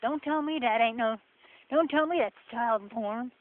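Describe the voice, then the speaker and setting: A woman's voice: a little high, a little slow. Chatty sarcastic woman with a Jersey accent. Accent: New Jersey. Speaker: vlogger. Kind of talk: casual walking vlog commentary. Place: outdoors on a forest path. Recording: tinny phone-like sound with faint noise.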